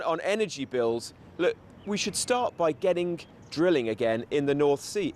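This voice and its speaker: A man appearing as a politician guest on a radio show, laying out his case in steady, rhetorical lists. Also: mid-range voice, slight background noise. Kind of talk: political talking points.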